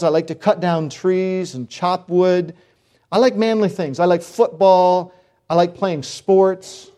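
A man's voice: sits high, warm tone. A man preaching a sermon as pastor, folksy and emphatic, pressing his points with rising exhortations.

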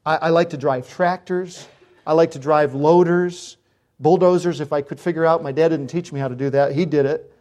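Male pastor, middle-aged, warm dark tone, folksy emphatic sermon delivery. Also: on the high side, steady tone, moderate pace. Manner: folksy, emphatic preaching with rising exhortations.

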